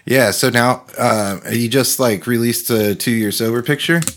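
A man's voice: mid-range voice, fairly even intonation, unhurried, fairly bright tone, slight background noise. A man rambling in casual chat among friends, swearing offhandedly.

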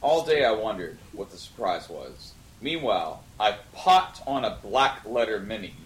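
A man's voice: fairly low pitch, big pitch swings, moderate pace, roomy sound, rough recording. A man hosting a podcast, giving a comic dramatic reading of bad fan fiction in a dining room and breaking into laughter. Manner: reads aloud with mock drama, breaking into laughter. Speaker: podcast host.

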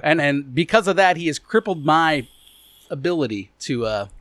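A man's voice: fairly high pitch, expressive, moderate pace, fairly bright tone, no room sound. Man with a dry, close sound, teasing. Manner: teasing, laughs often. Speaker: podcast co-host. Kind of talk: casual banter. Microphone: video call.

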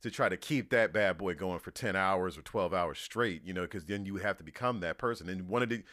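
Bright-voiced male podcast host. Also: low-pitched, a little fast. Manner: animated, laughs often, says you know and brother. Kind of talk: casual interview chat.

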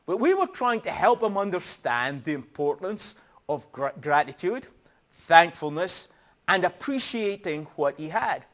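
A middle-aged male preacher with a notably high voice delivers a sermon. He tells stories earnestly and leans hard on his key points. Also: sing-song, measured pace, fairly bright tone. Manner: earnest storytelling, emphatic.

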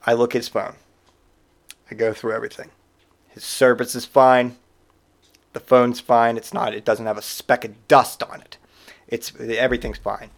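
This podcast host, a man with a mid-range voice, tells stories at a normal speed, leaving long pauses. His casual monologue is exasperated and sarcastic, and he swears freely.

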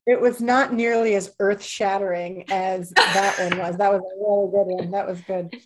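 A woman's voice: medium pitch, fairly even intonation, normal speed, background noise. Rambling woman host full of ums. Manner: warm, rambling, with many ums. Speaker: podcast co-host. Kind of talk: casual podcast interview.

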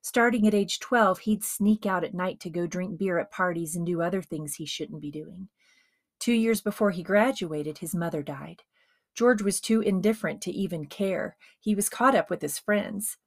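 A woman narrating a dramatized biography as an audiobook, with expressive storytelling. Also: lowish voice, moderate pace, dry recording, clean studio sound.

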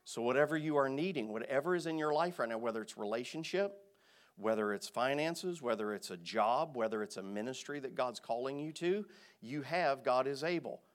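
Guy pastor preaching a sermon, mid-pitched voice, goes quiet then punches words out loud. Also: animated, fairly quick. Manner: emphatic preaching, swings between quiet and loud bursts.

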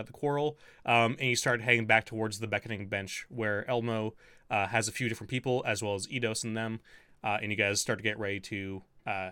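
A man's voice: medium pitch, pushed and bright, clean tone, no room sound, clean studio sound. A man narrating as game master of a tabletop role-playing game, rambling with many fillers. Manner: rambling, lots of fillers and restarts.

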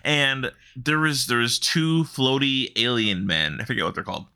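A man's voice: mid-range voice, big pitch swings, normal speed, bright, forceful tone, clean tone. A man co-hosting a podcast, telling a gaming anecdote in a joking, incredulous way. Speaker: podcast co-host. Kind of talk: casual gaming chat.

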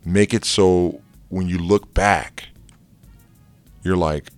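A man's voice: low-pitched, slow pace, no room sound, soft background music. A married man, a life coach, giving a casual, jokey motivational talk with many fillers. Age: adult, married with kids. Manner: energetic and jokey, loose with fillers.

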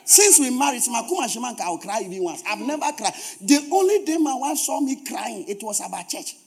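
A man's voice: very high voice, sing-song, brisk, husky. A man preaching a sermon as pastor, emphatic, repeating phrases for stress and dropping humorous asides to the congregation.

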